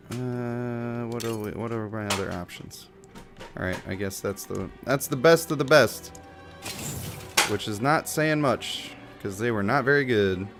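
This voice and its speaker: Sex: man. Role: live streamer. Style: casual game commentary. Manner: joking, chatty. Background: faint music. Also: mid-range voice. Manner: joking, chatty, slips into silly voices.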